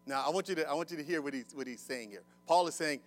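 A man preaching a sermon to his congregation as pastor. He calls for responses from the crowd, swings between loud bursts and quiet talk, and drops in casual joking asides. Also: a little high, fast. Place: church service before a congregation.

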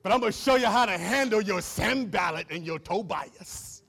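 High, gravelly-voiced fervent preacher man. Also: lively intonation, moderate pace, few pauses, fairly bright tone. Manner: fervent, preacherly, repeats phrases, engages congregation. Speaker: pastor. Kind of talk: sermon.

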